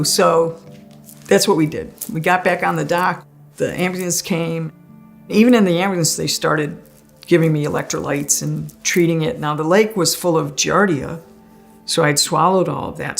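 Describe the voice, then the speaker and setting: Gravelly low-voiced woman telling her story. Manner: conversational, often laughs while telling. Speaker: guest sharing a near-death experience. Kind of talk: personal storytelling.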